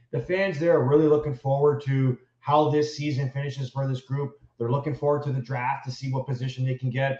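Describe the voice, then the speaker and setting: A man's voice: medium pitch, a little mellow. Male ex-player co-host, conversational and emphatic, echoey lo-fi sound. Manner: conversational, with restarts and emphatic bursts. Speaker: co-host, former hockey player. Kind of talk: casual sports betting chat.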